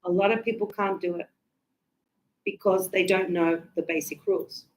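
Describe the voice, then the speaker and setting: A woman teaching English in a live class, chatty and animated, acting out little dialogues as she explains. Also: fairly low pitch, normal speed, roomy sound, a little hiss or hum, rough recording.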